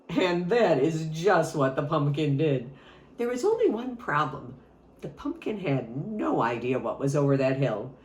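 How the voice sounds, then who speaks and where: A woman music teacher tells a story to children, playful and engaging. Her pitch rises and falls animatedly, and the room echoes around her voice. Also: unhurried. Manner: expressive and playful, addresses listeners.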